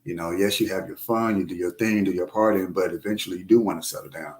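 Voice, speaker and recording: Low-voiced man talking earnestly. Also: fast, a little mellow. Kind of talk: casual chat.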